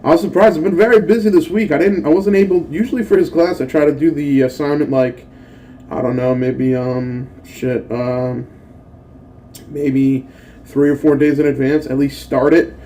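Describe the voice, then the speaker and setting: A young adult man hosting a mobile game channel, telling profane, animated stories in casual gaming commentary. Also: fairly high pitch. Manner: profane, animated storytelling rant.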